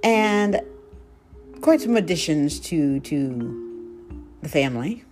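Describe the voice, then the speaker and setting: A woman's voice: deep voice, lively intonation, takes it slowly, a little mellow, soft background music. A woman hosting her own podcast, chatting casually and with animation, with frequent ums. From United States. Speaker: podcast host. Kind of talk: casual solo podcast chat.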